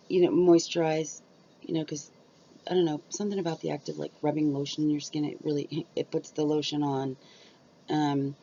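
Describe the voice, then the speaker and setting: A middle-aged woman YouTuber with a deep, dark-toned voice chats casually to the camera from home, rambling and using lots of fillers. The cheap built-in camera mic gives it a dull, lo-fi sound.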